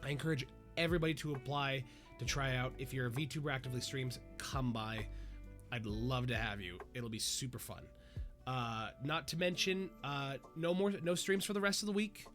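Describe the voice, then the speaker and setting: A man's voice: medium pitch, moderate pace, fairly bright tone, soft background music. A man hosting a VTuber talk show in casual, rambling livestream chat, his voice congested with a stuffy nose. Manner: rambling, chatty.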